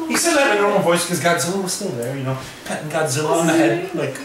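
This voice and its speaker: A man's voice: a little high, very animated, fast talker, hardly any pauses. A man improvising a comic tall tale, rambling and swearing, laughing often and filling gaps with "like", recorded from a distance in a very echoey space. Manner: rambling, profane, laughing, many fillers. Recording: very echoey, distant, crowd noise.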